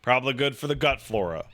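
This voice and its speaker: A man in his thirties chatting casually about raising a baby, profane and animated, full of "like" and restarts. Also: a little high. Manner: profane, animated storytelling with lots of "like". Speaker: podcast talker, new father. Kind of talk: casual chat.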